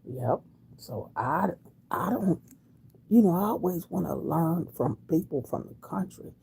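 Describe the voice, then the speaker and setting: A woman in her sixties from Wilmington, Delaware, USA, hosts a casual livestream, reading viewer comments and answering in a folksy way. Her voice is lowish, expressive and dark-toned with vocal fry, at a measured pace, with slight background noise.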